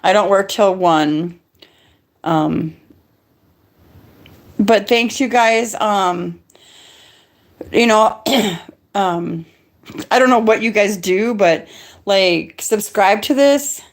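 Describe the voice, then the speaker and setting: A middle-aged woman with an ordinary female pitch rambles through a live stream, agitated and speaking quickly. She keeps restarting sentences and laughs between thoughts.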